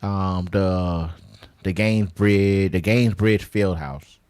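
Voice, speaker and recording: A man with a lowish voice hosting a relaxed podcast chat, recorded close and dry. He talks in an easygoing way, trailing off with fillers as he moves between topics. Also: slow, clean tone, no room sound. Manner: laid-back, wraps up topics, frequent fillers. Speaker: podcast host. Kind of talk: casual chat.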